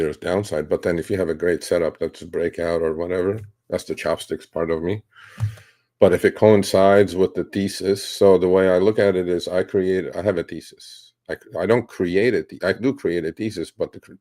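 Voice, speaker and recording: A man's voice: sits low, mellow. A man hosting a live question-and-answer stream about his trades, talking bluntly and casually with rambling restarts and some swearing. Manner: blunt, rambling, profane, mocks reckless traders. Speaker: host answering viewer questions on trading.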